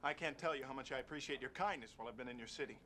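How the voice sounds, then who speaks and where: An actor playing an earnest, polite young Texan reverend in a video game. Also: male voice, medium pitch, racing, pushed and bright, slight background noise, lightly acted. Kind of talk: full-motion-video game acting.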